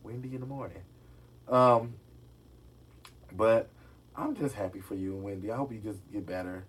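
In a husky, fairly low voice at a moderate pace, a gossip vlogger dishes on celebrities to his audience. His manner is sassy and direct, and he keeps calling them "y'all".

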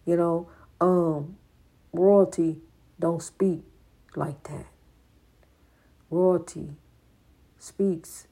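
A woman's voice: on the low side, steady tone, drawn-out words, pauses often, warm tone, breathy edge. An older woman giving an informal, preaching monologue, repeating her points with emphasis in a folksy way. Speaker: spiritual speaker.

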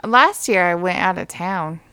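Slow-talking, swearing woman in casual chat. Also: lowish voice, bright, forceful tone, clear, resonant tone. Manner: profane, laughs often. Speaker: podcast co-host.

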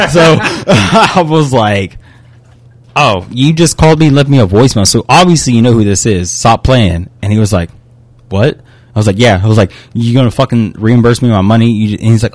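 A man's voice: medium pitch, fairly quick, dry recording. Heated, cursing young man. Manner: profane, heated, animated retelling. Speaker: podcast co-host. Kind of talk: casual chat, storytelling a complaint.

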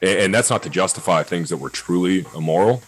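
A man's voice: deep voice, quick pace. A young American man chatting casually on a podcast, blunt and profane, full of fillers. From United States. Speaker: podcast guest.

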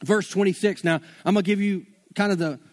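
A man's voice: high voice, fairly quick. A man preaching a sermon in a casual, conversational way, mixing slang into his teaching.

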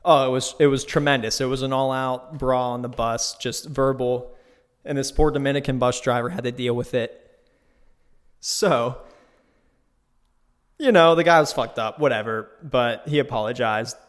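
A man hosting his own podcast, telling a trip story in a casual, profane, animated way from a new, unfurnished home studio. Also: mid-range voice, moderate pace. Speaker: podcast host. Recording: echoey bare room.

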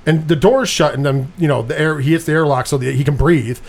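Animated man retelling a movie. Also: fairly high pitch, fairly quick, creaky, slightly rough. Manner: animated retelling with swearing and quoted lines. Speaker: podcast co-host. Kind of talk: casual movie review chat.

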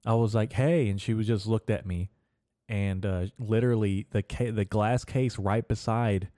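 Low-voiced man ranting with heavy swearing. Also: warm tone, no echo, clean studio sound. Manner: profane, rambling, gets worked up. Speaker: podcast host. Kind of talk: casual storytelling rant.

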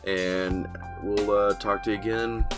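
A man's voice: on the low side, flat delivery, unhurried, music in the background. A man hosting a podcast, wrapping up with enthusiastic remarks and a few filler uhs. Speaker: podcast host. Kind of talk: podcast outro.

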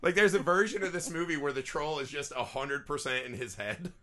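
Bright-voiced laughing podcast guy. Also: on the high side, fairly quick. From small farm town. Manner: swearing, laughing storyteller. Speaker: podcast co-host. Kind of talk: casual movie podcast chat.

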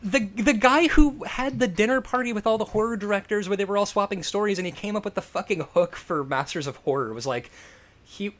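A man's voice: sits high, a little fast. A man in casual, profane movie chat, telling stories with lots of energy and laughter. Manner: animated, profane, laughing storyteller. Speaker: podcast co-host.

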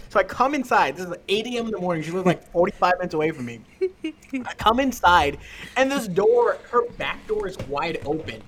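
A young man with a high, bright, forceful voice tells stories in an easygoing chat. He is animated and laughs often. He switches into the voices of the people he quotes. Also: quick pace. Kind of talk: casual storytelling.

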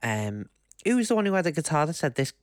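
A man's voice: on the high side, sing-song, fast, no echo, clean studio sound. A man with a Liverpool accent co-hosting a casual podcast, joking and chatty. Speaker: podcast co-host.

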